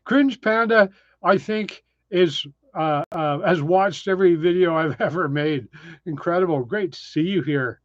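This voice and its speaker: A man hosting a relaxed live stream, talking through viewer comments with frequent ums and uhs. His voice sits slightly high, and the sound is dry and a little dull, like home stream audio. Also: measured pace, no room sound. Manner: chatty, reads viewer names, frequent ums. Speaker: live-stream host reading chat. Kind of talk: casual live-stream chat. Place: tiny desert cabin, indoors.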